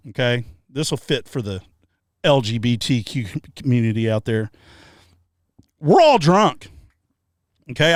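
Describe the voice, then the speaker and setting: A man co-hosting a podcast, telling stories in casual chat, animated and profane, shouting out the lines he quotes. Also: medium pitch, dry recording, clean studio sound. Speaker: podcast co-host. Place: treehouse hangout.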